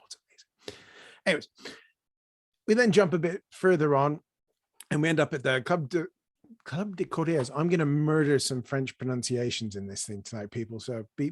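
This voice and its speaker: Excitable man recapping a film. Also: mid-range voice, no echo, studio quality. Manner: excitable storyteller, drops to near-whispers for effect. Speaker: podcast host. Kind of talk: enthusiastic film recap in casual chat.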